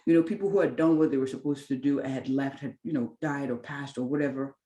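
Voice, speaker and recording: A woman's voice: a bass voice, fast, warm tone, roomy sound. A woman in her thirties, a physician and clinic founder, tells her story with candid earnestness in an interview and acts out her own past thoughts. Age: 30s.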